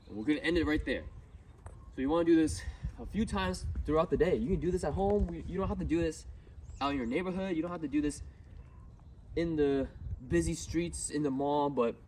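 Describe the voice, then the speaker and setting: A male dog trainer talks through a casual outdoor lesson in an easy, explaining way. He sounds a little distant from the mic, and faint outdoor noise sits under his voice. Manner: relaxed explaining, bursts of high-pitched praise to the dog. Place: outdoors in a neighborhood.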